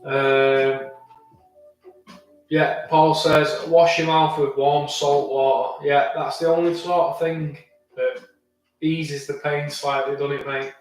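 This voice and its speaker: A man's voice: fairly high pitch, little pitch movement, slow, heavy reverb, distant mic, faint music behind, low-quality recording. A man chatting casually on a live stream, rambling and restarting as he answers viewers' comments. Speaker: vlogger answering live chat.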